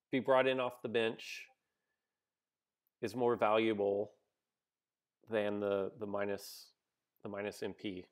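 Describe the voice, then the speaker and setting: A man giving casual live-stream commentary on a game he is playing. He thinks aloud, stops and restarts often with ums and likes, and answers viewers between moves. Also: mid-range voice. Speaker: gaming streamer.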